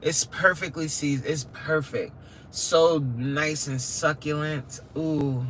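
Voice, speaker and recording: A woman's voice: sits low, fairly even intonation, takes it slowly, slight background noise. A woman hosting a casual livestream from her car, chatting with viewers, exclaiming and reading their comments aloud. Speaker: livestream host.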